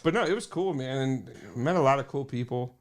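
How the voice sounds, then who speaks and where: A man's voice: mid-range voice, brisk. A man telling stories with laughs in casual podcast chat, acting out his friends' lines. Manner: laughing storyteller, mimics friends. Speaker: podcast co-host of another show.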